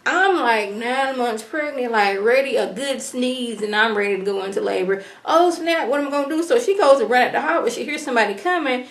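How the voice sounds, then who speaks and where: A woman recapping a TV episode in an animated, slangy way, acting out characters as she goes. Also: fairly high pitch, a little fast, hardly any pauses, reverberant. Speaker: TV episode reviewer. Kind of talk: casual TV recap vlog.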